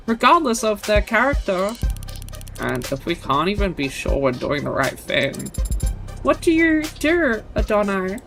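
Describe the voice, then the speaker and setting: A woman's voice: on the high side, voice pushed up. A woman voicing a cynical, defiant outlaw in a dramatic reading of game dialogue, with an intense delivery that builds to a chant. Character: cynical, defiant outlaw giving a ruthless speech.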